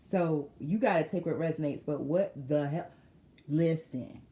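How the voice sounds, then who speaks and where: Casting: woman tarot reader, low-ish voice, animated and emphatic, roomy sound with faint noise. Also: measured pace. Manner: animated, laughs often, slangy and emphatic. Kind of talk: casual tarot reading to viewers.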